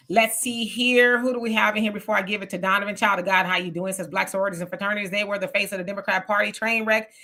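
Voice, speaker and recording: A woman's voice: medium pitch, bright, forceful tone. A woman hosting a live online talk show who greets her viewers one by one by name. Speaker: host.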